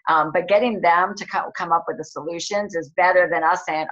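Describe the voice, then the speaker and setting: A woman's voice: lowish voice, fairly even intonation, fairly quick, hardly any pauses, a bit bright, dull audio. A woman health coach explaining coaching questions in a casual, rambling way, with many fillers and restarts. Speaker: health coach leading a training call. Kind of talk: casual teaching talk.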